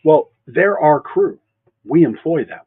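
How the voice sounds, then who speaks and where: Husky-voiced man on a thin, dry line. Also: a little high, lively intonation, a little slow. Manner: easygoing, joking, adds sarcastic asides. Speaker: mattress store owner co-hosting a local show. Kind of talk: casual business chat. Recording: dry, phone-like narrow sound.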